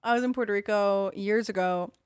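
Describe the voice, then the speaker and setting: A woman co-hosting a comedy podcast tells stories in a blunt, teasing way and swears casually. Her voice sits at mid pitch, recorded close and dry. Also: a little fast, smooth, no echo. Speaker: podcast co-host.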